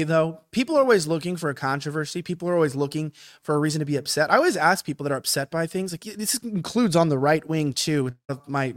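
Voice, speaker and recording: Man, podcast host, high voice, very lively swings, incredulous, dry sound. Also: dry recording. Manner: animated, incredulous, profane. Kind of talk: casual podcast chat.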